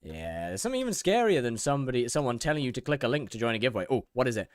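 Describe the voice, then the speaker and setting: A man's voice: medium pitch, big pitch swings, very fast, dry recording, clean studio sound. A young man streaming a game, reading in-game text aloud, laughing often and reacting with mock outrage. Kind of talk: casual gaming commentary.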